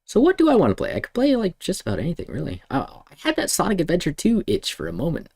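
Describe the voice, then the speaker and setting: A man streaming, ranting angrily and swearing, swinging between loud outbursts and low mutters. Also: huge pitch swings, fast talker, vocal fry, husky. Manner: heated, swearing, lurching between shouts and mutters. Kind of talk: angry profane rant.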